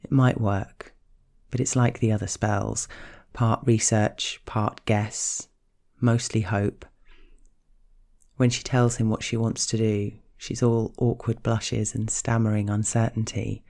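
A man narrating a scripted story in a slow, hushed, measured way. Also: on the low side, flat delivery, gravelly.

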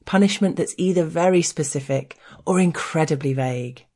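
A woman's voice: sits low, normal speed, warm tone. An Englishwoman reading her own frank personal essay aloud in a wry, candid, playful way.

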